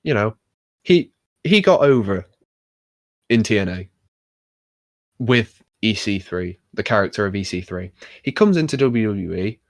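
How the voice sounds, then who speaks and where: Young male podcast host, low voice, rambling and wry, dry close sound. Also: animated, a little slow, pauses often, dry recording. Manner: rambling, filler-heavy, wry. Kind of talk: casual chat about wrestling.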